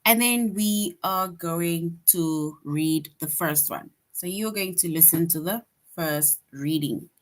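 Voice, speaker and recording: Slow, patient woman teaching children. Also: lowish voice. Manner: slow, patient, often checks with "right?"; acts out example sentences with lively bursts. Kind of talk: online grade-school lesson.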